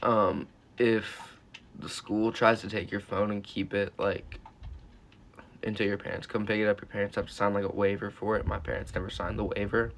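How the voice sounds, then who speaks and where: A man's voice: lowish voice, flat delivery, normal speed, slight background noise. Rambling, foul-mouthed teen guy. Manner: rambling, profane, full of "like" and "uh". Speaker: YouTuber. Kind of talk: casual storytime vlog.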